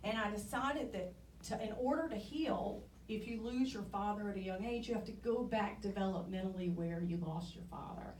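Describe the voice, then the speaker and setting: A woman's voice: mid-range voice, normal speed, darkish tone, echoey room, far from the mic, slight background noise, low-quality recording. A woman in her forties giving a candid, conversational personal talk on stage, now and then poking fun at herself. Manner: candid, conversational, self-deprecating. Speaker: speaker. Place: theatre stage.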